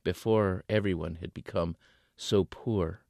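A male author reading his novel aloud in an expressive way, voicing the characters. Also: low voice, measured pace, gravelly, no echo, clean studio sound.

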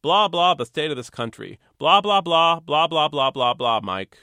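A man's voice: fairly high pitch, expressive, moderate pace, dry recording, studio quality, pitched above the performer's own voice. A man doing a pushy, gushing postman. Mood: emphatic. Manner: insistent, emphatic, rising to near shouting. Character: pushy, gushing middle-aged male postman.

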